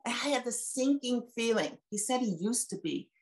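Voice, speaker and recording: A woman's voice: fairly high pitch, lively intonation, moderate pace. Chatty woman in her seventies telling stories. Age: 70s. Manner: chatty, folksy, retells conversations with emphasis. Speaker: guest speaker sharing testimony. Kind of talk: personal testimony storytelling. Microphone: video call.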